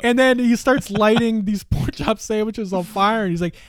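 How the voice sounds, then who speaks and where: A man's voice: sits high, moderate pace, slight background noise. A man telling stories in casual chat, swearing freely, laughing and acting out quotes. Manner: laughing, profane, acts out quotes.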